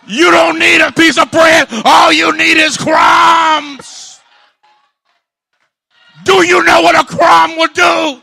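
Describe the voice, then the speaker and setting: A male pastor a fiery sermon, shouting and repeating his points. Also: very high voice, fairly even intonation, slow pace, gravelly, pauses often, no room sound. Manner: shouting, call-and-response preaching.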